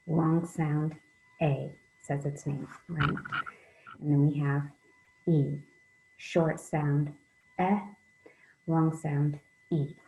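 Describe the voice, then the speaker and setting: A woman's voice: low-pitched, dark tone, rough recording. A woman teaching a reading lesson to children, patient and encouraging, with frequent "um" fillers.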